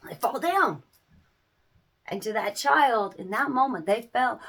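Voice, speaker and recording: Brief: woman parent vlogging life advice, slightly high voice, unhurried, earnest, repeats for emphasis. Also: expressive, fairly bright tone, slightly rough. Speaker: parent and small business owner. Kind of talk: casual life-lesson talk to camera.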